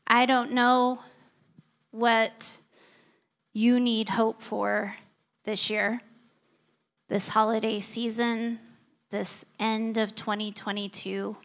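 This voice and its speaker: A woman's voice: a little high, a bit bright. A woman pastor preaching a sermon, telling personal stories in an earnest way.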